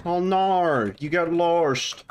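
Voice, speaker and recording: Streamer doing a cheesy Australian wildlife adventurer, a bit higher than his own voice, stretched-out words, faint hiss behind. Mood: mock alarm. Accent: Australian, poorly done. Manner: exaggerated, drawn-out, jokey. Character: over-the-top adult male wildlife adventurer.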